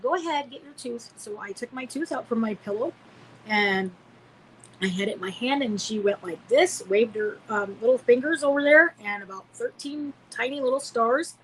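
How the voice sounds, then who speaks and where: A woman's voice: medium pitch, fairly bright tone, poor audio. A woman in her forties from Illinois tells a personal story on a podcast. She rambles, doubling back with fillers and restarts, in a mid-range voice over a faint background hum. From Illinois, United States. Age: 40s. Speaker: podcast guest.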